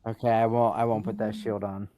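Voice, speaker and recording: A man's voice: fairly low pitch, flat delivery, brisk, dull audio. A man making laughing, teasing remarks in casual gaming chat.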